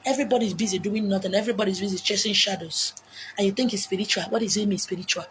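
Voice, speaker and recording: A woman with a Nigerian Igbo accent giving blunt, forceful relationship advice outdoors, mixing English, Pidgin and Igbo. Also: medium pitch, fairly even intonation, rapid-fire, a little hiss or hum. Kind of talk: outdoor monologue. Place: beach outdoors.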